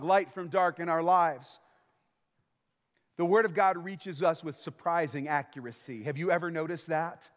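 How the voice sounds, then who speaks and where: High-voiced preaching man in a reverberant hall. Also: fairly bright tone. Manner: emphatic preaching, acts out quoted small talk. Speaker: pastor. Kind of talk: sermon.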